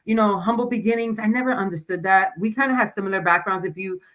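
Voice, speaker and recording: A woman's voice: mid-range voice, fast talker, a bit bright. A woman hosting a casual podcast interview who encourages her listeners and drops in Spanish words. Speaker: podcast host.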